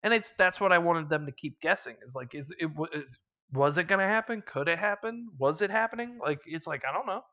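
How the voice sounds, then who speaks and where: A man's voice: fairly high pitch, expressive, brisk, sharp tone. A man casually recapping a tabletop campaign as its game master, rambling with lots of fillers and chuckles.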